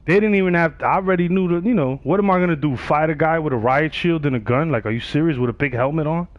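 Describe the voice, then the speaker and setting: Speaking a little high and fast, a gamer on his livestream casually narrates a story while mimicking the other people's voices. There's no room sound, and the audio comes across dull and dry.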